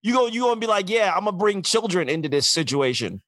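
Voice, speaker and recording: A man's voice: high-pitched, big pitch swings, quick pace, fairly bright tone, dry recording. A man co-hosting a casual podcast, ranting emphatically with profanity and acting out quotes. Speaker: podcast co-host. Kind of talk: casual comedic podcast rant.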